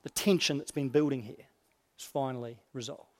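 A man preaching a sermon expressively, dropping quiet and low for quoted lines. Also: steady tone, brisk. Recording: long hall reverb.

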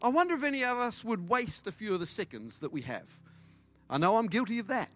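A middle-aged man preaching a sermon as pastor, lively and storytelling, acting out dialogue. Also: high-pitched, a little fast, soft background music. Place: church service.

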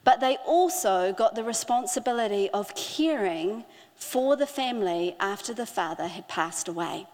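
A middle-aged woman preaching a sermon, earnest, slowing down to stress key phrases. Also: medium pitch, animated, a little mellow. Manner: earnest, with slow emphatic phrasing. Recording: hall with long reverb.

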